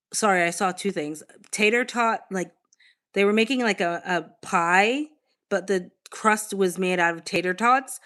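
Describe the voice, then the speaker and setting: A woman with a mid-range voice hosts a relaxed livestream. She reads viewers' messages aloud and answers them in an easygoing, candid way, with the odd casual swear. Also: medium pitch. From Boston, United States. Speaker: livestream host. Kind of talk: casual livestream chat, reading comments aloud.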